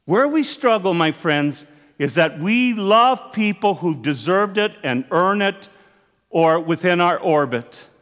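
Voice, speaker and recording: A man's voice: high-pitched, lively intonation, slow, fairly bright tone, in a large hall. A man preaching a sermon as a priest, earnest and emphatic, his voice rising and falling as he makes each point. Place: church.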